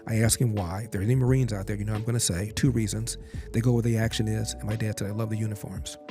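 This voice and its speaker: A man's voice: on the low side, fairly even intonation, fast, mellow. An older man recounting a family story as a podcast guest, quoting his father in direct speech. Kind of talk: storytelling in an interview. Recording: music bed behind the voice.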